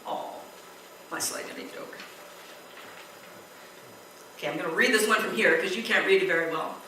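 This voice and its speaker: A woman preaching a sermon in a church, telling a story with lively quoted voices. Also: fairly low pitch, moderate pace, slight background noise. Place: church hall. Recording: echoey church hall, distant mic.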